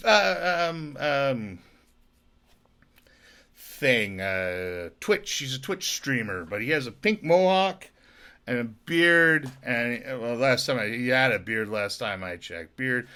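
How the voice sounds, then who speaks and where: A man's voice: mid-range voice, sharp tone. A man, drunk, telling rambling profane stories as a podcast host, from Alberta in Canada. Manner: rambling, profane, laughing asides.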